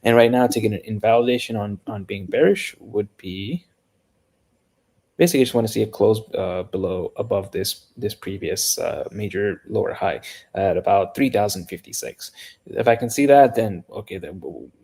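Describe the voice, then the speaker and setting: Male market analyst, low gravelly husky voice, rapid technical delivery with restarts. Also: lively intonation, darkish tone. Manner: rapid, technical, with self-corrections. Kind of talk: casual chart analysis.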